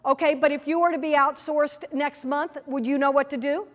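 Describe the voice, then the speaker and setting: A woman presenting a seminar workshop in a lively way, often asking the audience questions, recorded with a long hall reverb. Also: high voice, moderate pace. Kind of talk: teaching a workshop.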